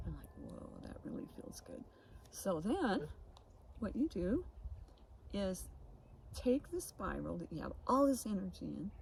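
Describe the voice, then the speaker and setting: A woman's voice: mid-range voice, vocal fry, dark tone, a little hiss or hum, poor audio. A woman telling a long personal story in casual chat, rambling with many restarts and laughs, recorded on a phone. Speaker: podcast co-host.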